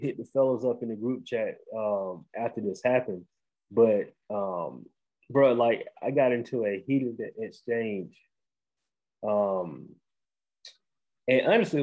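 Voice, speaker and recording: A man, hosting a podcast and telling a story in animated casual chat, often restarting and saying "bro". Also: medium pitch, breathy edge, poor audio. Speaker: podcast host.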